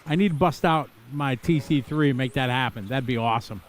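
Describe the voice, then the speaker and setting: A man's voice: mid-range voice, fairly quick. A middle-aged man from Wisconsin giving live, chatty commentary on a radio-controlled car race, rambling into asides between calls.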